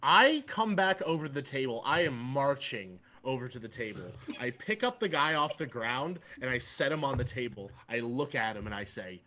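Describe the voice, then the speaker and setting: A man casually playing a tabletop game, animated and joking. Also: mid-range voice, normal speed, few pauses. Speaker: player.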